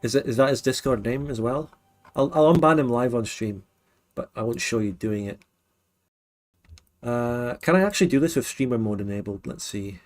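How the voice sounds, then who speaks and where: A Scottish man hosting a relaxed late-night livestream, chatting frankly and laughing often. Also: medium pitch, normal speed, soft background music. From Scotland. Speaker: livestream host. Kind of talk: casual late-night stream chat.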